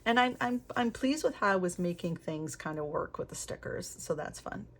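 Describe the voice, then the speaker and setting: A woman's voice: on the low side, lively intonation, normal speed. A middle-aged woman chatting candidly while flipping through her planner, laughing often and swearing casually. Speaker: planner vlogger. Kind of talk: casual flip-through chat.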